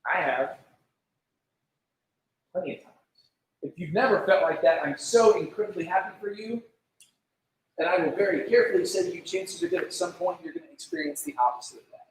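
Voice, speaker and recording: Heard from far off in an echoey room, a male youth pastor gives a casual sermon in a high-pitched voice at a quick pace. He's conversational and says "like" a lot, asks the room questions and acts out prayers in little voices.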